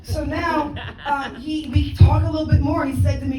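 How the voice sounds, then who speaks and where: High-voiced lady telling a story on stage, acts out the dialogue, laughs a lot, roomy hall, kinda far from the mic. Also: moderate pace, slight background noise. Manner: animated storyteller acting out dialogue, laughing often. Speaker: guest speaker. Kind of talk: motivational speech. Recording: echoey hall, speaker away from the mic.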